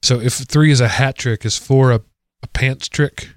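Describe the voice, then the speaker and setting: A man's voice: mid-range voice, moderate pace, no echo, clean studio sound. A man hosting a casual podcast, rambling into self-deprecating jokes. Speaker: podcast host. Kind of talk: casual chat.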